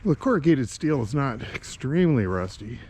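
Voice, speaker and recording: A man narrating a casual vlog as he explores an old industrial site, musing and halting with many fillers, from a helmet-mounted camera. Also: medium pitch, big pitch swings, darkish tone. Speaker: vlogger exploring a historic site. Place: outdoors near rail lines and traffic. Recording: outdoor noise, traffic. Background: clear street and vehicle noise.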